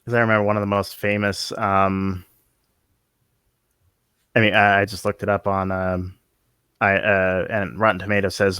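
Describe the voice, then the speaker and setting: A man's voice: deep voice, little pitch movement, moderate pace, long pauses, sharp tone, clear, resonant tone, dry recording, clean studio sound. A man co-hosting a podcast, thoughtful and hesitant as he recalls details. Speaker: podcast co-host. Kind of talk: casual chat.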